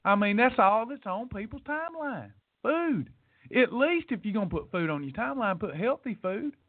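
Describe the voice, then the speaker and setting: A man's voice: high-pitched, sing-song, moderate pace. A man hosting a weight loss podcast, ranting bluntly and scolding his listeners, repeating points for emphasis. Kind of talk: preachy motivational rant. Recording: tinny phone-like audio.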